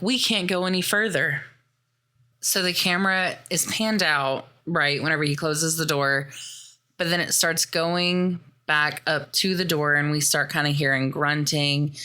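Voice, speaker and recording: A woman's voice: low-pitched, unhurried. A woman podcast host from the US Midwest recapping a movie in a casual, chatty way, acting out the characters' lines. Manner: animated, chatty, acts out quoted lines.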